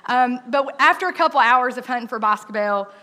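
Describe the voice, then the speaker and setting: Woman storyteller, bright, slightly high voice, casual with fillers. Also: fast talker. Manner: lively, conversational, with frequent "um" and "like". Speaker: speaker telling a personal story. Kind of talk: personal storytelling talk.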